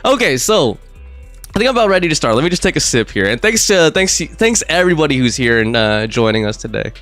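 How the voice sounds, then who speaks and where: Very animated and talking fast, a gaming streamer with a slightly high, fairly bright voice rambles casually through live gameplay, heavy on fillers and frequent laughter, while faint music plays underneath.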